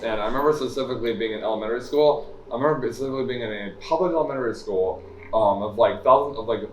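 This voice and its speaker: A man's voice: medium pitch, very fast, a little hiss or hum. A man on a discussion panel, speaking hesitantly with many ums and repeated phrases. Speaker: autistic panel participant. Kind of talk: candid group discussion. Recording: echoey room, mic far off.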